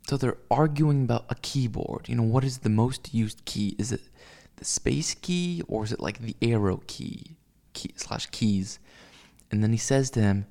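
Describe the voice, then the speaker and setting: A man's voice: mid-range voice, normal speed, gravelly, dark tone. A man rambling in a casual solo monologue, ranting with lots of swearing, fillers and restarts. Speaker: vlogger.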